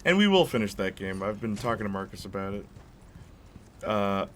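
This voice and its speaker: A man's voice: fairly low pitch, very animated, moderate pace. A young man hosting a gaming channel, rambling and telling stories in casual chat while he plays. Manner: rambling, chatty storyteller. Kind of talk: casual gameplay commentary.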